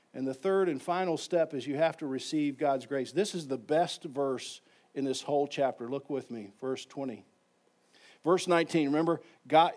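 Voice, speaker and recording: A man delivers a sermon from the pulpit of a church. His voice sits somewhat high for a man, and he drops to near hushes before rising to emphatic declarations. He draws his congregation in, asking them to repeat lines with him. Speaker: pastor. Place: church sanctuary.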